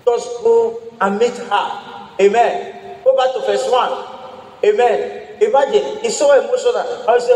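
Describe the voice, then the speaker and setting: A man's voice: extremely high pitch, a little mellow. A man, a pastor preaching a sermon and calling out to the congregation for responses. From Nigeria. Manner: emphatic preaching with call-and-response. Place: large church hall. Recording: echoey church hall, mic at a distance.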